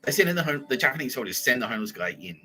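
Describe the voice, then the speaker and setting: Brief: male podcast host, bright, animated comic storyteller. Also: medium pitch, very fast, poor audio. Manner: animated, swearing, laughing often. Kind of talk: casual comedic storytelling.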